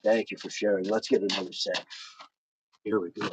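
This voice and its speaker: On his outdoor workout stream, a middle-aged man reads viewers' comments aloud and counts his reps amid easygoing remarks. His voice is fairly low and flat, at a normal speed with frequent pauses, captured in dull lo-fi audio with a little noise.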